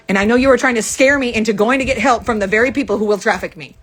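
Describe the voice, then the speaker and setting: A woman venting angrily to the camera, firing off profane, rapid accusations from a rented room. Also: a little high. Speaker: vlogger. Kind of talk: angry venting monologue to camera.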